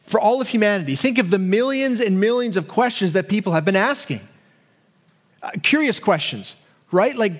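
A man preaching a sermon as a pastor in an earnest way, acting out imagined questions to God and going soft and low on key points. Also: lively intonation, normal speed.

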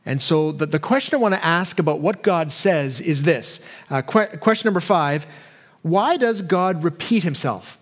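A pastor with a high, light voice delivers a sermon. He is earnest and grows animated when he acts out imagined questions to God. He drops quiet and low for his key points. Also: moderate pace.

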